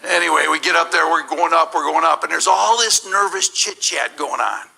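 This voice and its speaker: A middle-aged man telling a humorous personal story as a guest speaker at a church service, animated and laughing, with many restarts. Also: fairly high pitch, moderate pace, vocal fry, slight background noise, poor audio.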